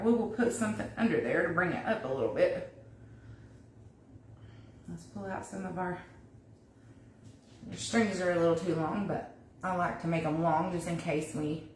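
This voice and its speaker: A woman hosting a casual live craft demo from her home kitchen, chatting to viewers and thinking aloud as she works. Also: on the low side. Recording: echoey room, mic at a distance, faint noise.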